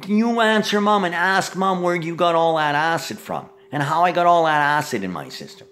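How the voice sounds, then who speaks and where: A middle-aged man in a rambling monologue, agitated and profane, swinging between shouting and muttering. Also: on the high side, animated, moderate pace.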